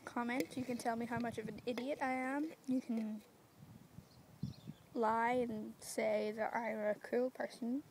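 A young woman from the UK vlogging into her phone in a public street, talking quietly and self-consciously, rambling and often slipping into a whisper. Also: fairly high pitch, steady tone, unhurried, slight background noise. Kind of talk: casual vlog to phone. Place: outdoors in public, residential street. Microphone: phone camera.

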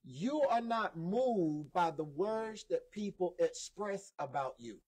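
High-voiced man preaching emphatically. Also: lively intonation, takes it slowly, darkish tone, slightly rough. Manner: emphatic, repeats key lines, call-and-response with listeners. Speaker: preacher and lead instructor. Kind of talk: sermon. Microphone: modest microphone.

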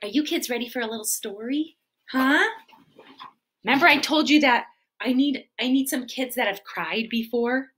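A woman children's entertainer telling a story to preschoolers in an animated, sing-song way and asking the kids questions. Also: on the high side, moderate pace, a little hiss or hum. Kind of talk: preschool storytelling live stream.

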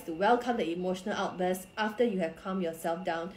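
A woman giving parenting advice on a live stream, speaking calmly and explaining step by step while addressing her viewers directly. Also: lowish voice, normal speed, slight background noise. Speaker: parenting coach. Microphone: phone or computer for a social media live stream. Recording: echoey room.

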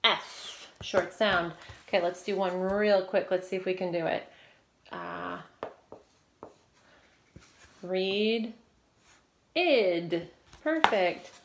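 Lady teacher doing phonics drills, slow and clear, cheering kids on, bit of hiss behind. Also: on the low side. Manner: encouraging, slow and clearly spoken prompting. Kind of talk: recorded reading lesson for children.

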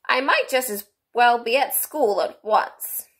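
A woman's voice: a little high, a little slow, a bit bright, voice pushed up. A woman voicing the young girl Alice in a bedtime storybook reading, with a lilting, sing-song lift. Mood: exasperated. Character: young girl Alice, polite but exasperated.

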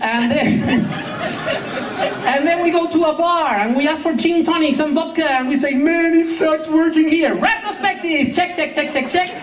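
A woman's voice: high voice, unhurried, crowd noise, noisy background. A woman giving a humorous conference talk, sarcastic and laughing often, in a large hall with a translation booth. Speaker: conference speaker. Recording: echoey hall, mic at a distance.

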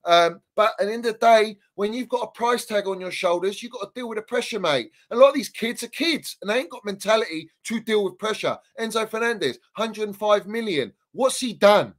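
A man rants heatedly on a podcast, his voice sitting fairly high. He swears freely and repeats his lines for emphasis in loose, casual debate. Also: animated, a little fast, hardly any pauses. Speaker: Chelsea fan guest.

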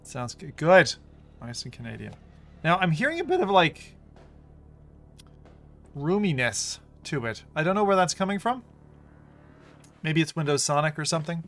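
A man streaming a VR racing game, talking casually, excitable and swearing freely. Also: fairly high pitch, moderate pace, long pauses. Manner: excitable, swearing, laughing a lot. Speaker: VR gaming streamer. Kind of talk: casual live-stream commentary.

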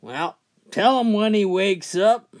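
A man playing a small man getting even, delivering his line in a dry, matter-of-fact way. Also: high-pitched, slow, pitched above the performer's own voice. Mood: smug.

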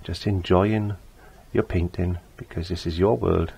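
Husky older man teaching painting. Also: deep voice, fairly even intonation, unhurried, mellow. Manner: chatty, repeats his phrases. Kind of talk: casual painting tutorial.

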